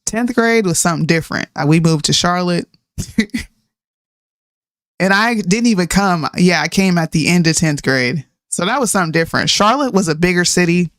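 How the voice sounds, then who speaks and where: A woman in her thirties, a podcast co-host, chatting casually and ranting in an animated way, mixing in slang and laughs. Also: fairly low pitch, moderate pace, no echo, clean studio sound. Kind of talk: casual chat.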